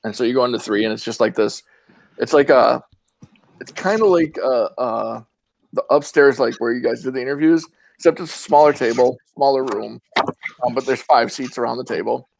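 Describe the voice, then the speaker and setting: A man running a tabletop game as game master, narrating in a relaxed, rambling way. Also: medium pitch, a little fast, vocal fry.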